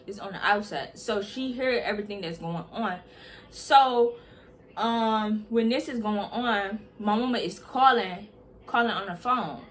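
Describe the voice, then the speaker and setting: A young woman vlogger telling a heated storytime, talking in an animated, emphatic and slangy way. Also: mid-range voice, measured pace. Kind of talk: storytime vlog.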